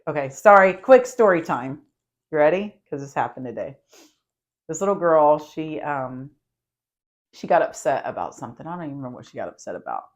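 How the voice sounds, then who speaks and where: A young adult woman, a teacher, chats casually on a podcast about her classroom. Her voice is low and a little fast, and she tells animated stories, acting out the kids' voices and laughing often.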